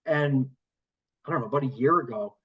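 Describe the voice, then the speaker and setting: A man's voice: medium pitch, a little fast, slightly rough, lo-fi sound. A man from the Boston area, a comedian guest, chatting casually and telling rambling stories with lots of swearing. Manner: rambling storyteller, swears freely, acts out quoted voices. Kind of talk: casual podcast chat.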